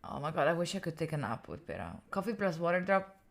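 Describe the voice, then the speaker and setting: This is a casual livestream by a young Italian woman in her twenties who streams herself studying. Her lowish, gravelly voice swings widely in pitch and moves quickly as she wearily rambles through answers to her chat. She is a native Italian speaker.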